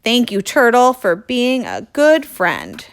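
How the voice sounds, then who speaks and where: A woman's voice: on the high side, wildly swooping pitch, takes it slowly, vocal fry, clean tone, dry recording, studio quality, pitched above the performer's own voice, exaggerated voice. A woman voicing a good-natured, grateful male pig in a children's storybook.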